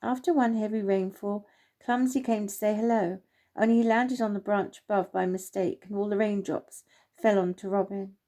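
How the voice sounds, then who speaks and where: Woman, storyteller, gentle children's story reading, mellow tone, mid pitch. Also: steady tone. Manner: gentle, unhurried, with small slips. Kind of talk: reading her own children's story aloud.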